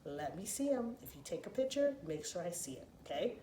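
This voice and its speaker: A woman telling a story to preschoolers in an expressive, playful, sing-song way. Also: lowish voice, a little fast, a little hiss or hum. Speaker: children's storyteller. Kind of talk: animated preschool story time. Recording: roomy echoey room, faint ambience.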